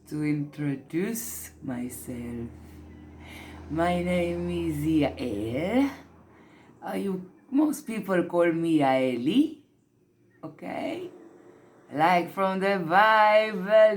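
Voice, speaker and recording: A woman's voice: fairly low pitch, a little mellow. An actress playing a shy woman on camera for the first time, talking hesitantly with many restarts in an improvised monologue. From Israel. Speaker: fictional interviewee speaking to camera. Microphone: camera mic.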